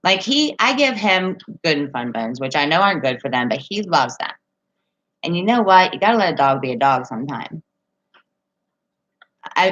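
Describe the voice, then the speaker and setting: Chatting casually on a live stream from home, a woman with a lowish, slightly bright voice reads viewer comments and tells rambling stories, laughing often. The audio quality is poor.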